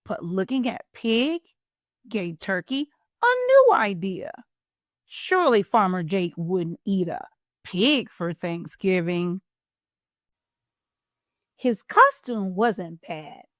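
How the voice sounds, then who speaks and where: A woman hosting a children's storytime, reading a picture book aloud in a playful, expressive way. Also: medium pitch, dry recording, studio quality. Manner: expressive, playful, drawn-out delivery.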